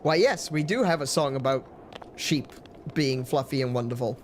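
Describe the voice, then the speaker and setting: A man's voice: medium pitch, expressive, normal speed, a little hiss or hum. A man casually commenting on his gameplay during a live stream, joking with chat and laughing often. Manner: playful, jokey, laughs a lot, talks to chat. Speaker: game streamer.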